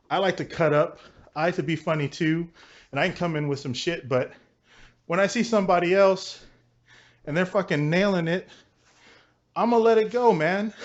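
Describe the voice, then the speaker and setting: A man's voice: on the high side, no echo. A man casually telling a work story in a vlog, swearing a lot and laughing as he talks. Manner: profane, laughing often, animated storytelling. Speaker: vlogger. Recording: dull lo-fi recording with faint noise.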